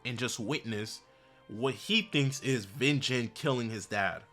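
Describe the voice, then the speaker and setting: Bright-voiced man recapping a comic chapter. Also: mid-range voice, a little slow, faint music behind. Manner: animated, slangy storytelling, frequent "bro" and "basically". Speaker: manhwa recap YouTuber.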